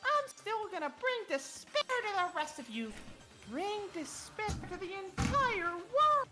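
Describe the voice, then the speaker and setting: A shrill gloating robot bear. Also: female voice, very animated, takes it slowly, loud music behind the voice, heavily acted. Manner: taunting, gleeful menace. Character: sadistic cackling robot bear mascot. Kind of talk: game let's play voice acting.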